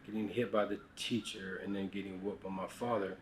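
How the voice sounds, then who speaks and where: There's slight background noise as a middle-aged man from the US, deep-voiced and brisk with fairly even intonation, relates personal stories in a loose conversational style. He keeps restarting sentences and quiets down for asides, sounding frank and unscripted.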